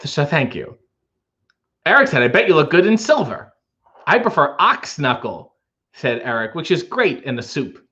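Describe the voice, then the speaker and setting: A man hosting a casual livestream, reading viewer comments aloud and answering with wry, deadpan, rambling jokes. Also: on the high side, normal speed. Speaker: livestream host reading chat. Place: home, making coffee. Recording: lo-fi muffled stream audio.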